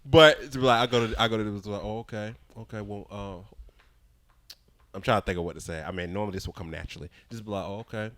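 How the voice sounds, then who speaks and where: A young podcast co-host tells a story in casual chat, blunt and direct, animatedly voicing both sides of the conversation. His voice is on the low side and rapid-fire with hardly any pauses, and there's no room sound.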